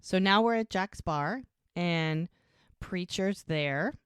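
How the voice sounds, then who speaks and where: A woman's voice: lowish voice, takes it slowly, clean tone, no echo, clean studio sound. Woman retelling a scene, quoting every line. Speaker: podcast co-host. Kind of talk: casual episode recap.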